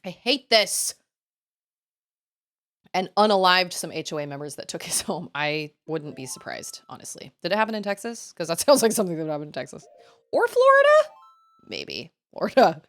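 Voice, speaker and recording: A woman's voice: lowish voice, expressive, a little fast. A young adult woman streaming at home, chatting and rambling while reacting aloud to a game and her chat. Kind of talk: live-streamed gameplay chat.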